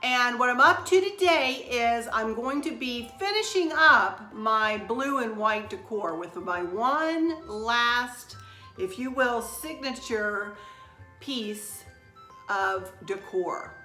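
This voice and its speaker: A woman's voice: a little high, expressive, slow pace, sharp tone, faint music behind. A middle-aged woman, hosting a craft tutorial in a chatty, rambling, upbeat way from a room at home. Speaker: craft channel host. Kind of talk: casual craft tutorial chat. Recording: roomy with faint background noise.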